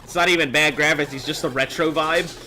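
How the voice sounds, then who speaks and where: A man's voice: fairly high pitch, fairly even intonation, brisk, sharp tone, slight background noise. A man streaming live, chatting casually with viewers, reading chat messages aloud and joking as he goes.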